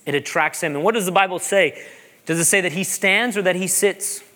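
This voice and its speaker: A man, a pastor preaching a sermon, animated and joking, repeating phrases for emphasis. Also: sits high, a little fast.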